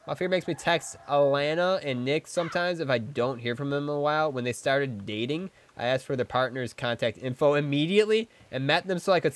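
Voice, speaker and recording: A man's voice: on the high side, brisk, hardly any pauses, no echo. A man streaming a game live, chatting playfully with his viewers and slipping into silly voices. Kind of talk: casual live-stream chat with gameplay.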